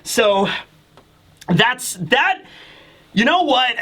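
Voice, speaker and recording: A man's voice: sits high, expressive, unhurried, bright, forceful tone. A man hosting a casual chat, talking animatedly and loosely with mild swearing. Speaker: host, manga reviewer.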